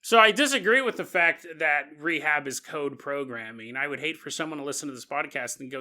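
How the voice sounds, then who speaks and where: A man hosting a podcast, talking through a conspiracy theory in an animated, jokey way and acting out quoted voices. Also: fairly high pitch, fairly quick, few pauses. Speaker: podcast host. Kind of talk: comedic conspiracy podcast monologue.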